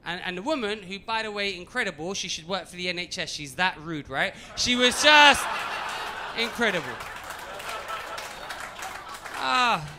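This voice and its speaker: A man doing a stand-up comedy routine on a club stage, animated, swinging from muttering to shouting. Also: sits high, measured pace, long pauses, a little hiss or hum.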